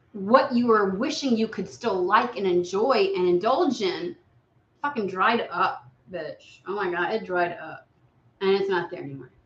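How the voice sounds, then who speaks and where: Woman tarot reader, casual live reading, swears freely, lively delivery, echoey room, muffled lo-fi audio. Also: medium pitch. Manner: blunt, profane, animated, acting out voices. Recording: echoey room, dull lo-fi sound.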